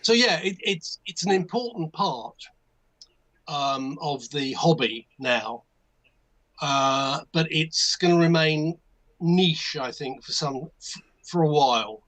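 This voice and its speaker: An older man with an English accent tells a meandering story in a casual chat. His voice sits a bit high. He keeps breaking off into asides and restarting his sentences. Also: slow, a bit bright, poor audio. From England. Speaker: guest modelmaker. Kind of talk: casual anecdote on a livestream.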